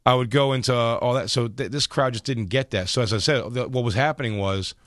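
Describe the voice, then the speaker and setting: A man who is a comedian, telling profane, animated stories as a radio studio guest. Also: mid-range voice, fairly quick, dry recording. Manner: profane, animated anecdotes with laughs. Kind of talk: radio interview storytelling. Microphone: studio microphone.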